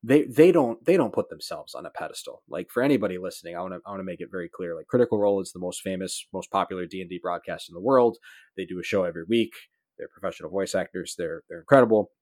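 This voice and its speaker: A man hosting a casual podcast chat about tabletop games, talking in an animated, emphatic way and swearing now and then. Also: deep voice, fast talker, no room sound, studio quality. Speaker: podcast host.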